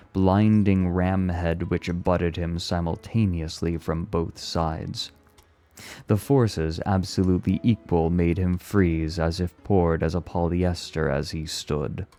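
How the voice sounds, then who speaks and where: A man reading a novel aloud on stream, his voice very low and mellow. He takes the prose at a steady, deliberate pace and lets the phrasing breathe. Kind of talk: read-aloud storytelling.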